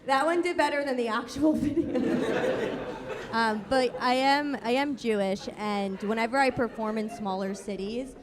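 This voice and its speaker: A woman from New York doing a sarcastic, self-deprecating stand-up set on a club stage. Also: fairly high pitch. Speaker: stand-up comedian. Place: comedy club stage, audience laughing. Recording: live club recording, long reverb, audible noise.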